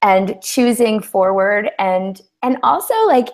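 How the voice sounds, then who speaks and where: Reflective woman host, gently affirming. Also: mid-range voice, takes it slowly. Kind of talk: reflective coaching conversation.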